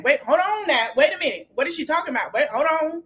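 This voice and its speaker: A woman's voice: high-pitched, fast talker, hardly any pauses. A woman hosting a podcast, casually recapping a reality show reunion and animatedly acting out what the cast said. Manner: animated retelling, acting out quotes with exclamations. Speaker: podcast host.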